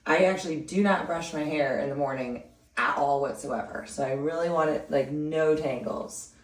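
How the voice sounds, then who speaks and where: Rambling, giggly woman with a low voice, recorded at a distance in a reverberant room. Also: normal speed. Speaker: vlogger. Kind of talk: casual hair tutorial. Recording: roomy sound, distant from mic.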